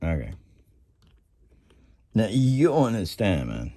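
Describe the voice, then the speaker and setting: A man talks his way through a tool-bench project in a loose, rambling vlog style, laughing often. His pitch swings wildly and jumps into sudden high whoops. He speaks at an unhurried, drawn-out pace. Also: wildly swooping pitch, mellow. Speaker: channel host.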